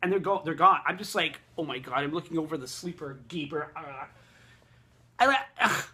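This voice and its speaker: A man vlogging a casual, rambling rant, swearing heavily and excitably. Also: a little high, moderate pace, husky.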